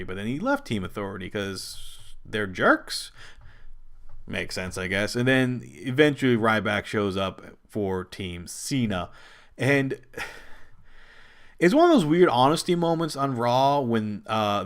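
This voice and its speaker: A man hosting his own wrestling show, talking casually and at length, with many restarts and sudden high jumps in pitch when he quotes people. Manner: rambling, animated, quick pitch jumps when quoting. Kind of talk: casual solo commentary.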